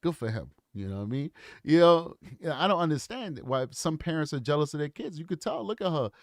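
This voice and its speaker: A man's voice: fairly high pitch, lively intonation, brisk, no echo, studio quality. A man in his forties giving casual, earnest commentary, lecturing and often repeating his points. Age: 40s. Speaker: true crime commentator.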